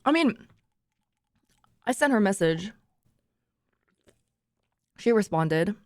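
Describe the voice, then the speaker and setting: A woman's voice: mid-range voice, lively intonation, takes it slowly, no room sound, clean studio sound. A young woman streamer chatting emotionally with her viewers, rambling with restarts and drifting between tears and laughter. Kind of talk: casual chat to stream viewers. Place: treated room with acoustic panels.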